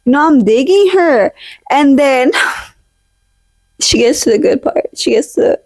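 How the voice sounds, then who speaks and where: Chatty high-voiced young woman storyteller. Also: lively intonation, slow, no room sound. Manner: chatty, slangy, mixes in Spanish phrases. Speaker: podcast vlog host. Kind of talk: casual storytelling chat. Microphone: handheld or desk mic, drifts off it. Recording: poor home recording.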